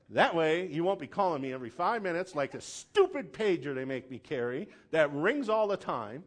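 A pastor preaching a sermon, casual asides and checking in with the congregation, building to loud emphatic peaks. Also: male voice, on the high side, big pitch swings, normal speed, few pauses. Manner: conversational asides, checks in with "okay?".

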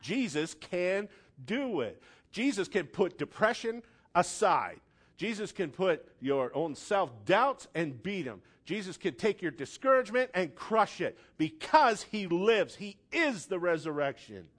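A man preaching with a high, animated voice that swings across a wide range. He moves from quiet scripture reading into loud, fervent shouted declarations. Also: measured pace. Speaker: pastor. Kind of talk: sermon.

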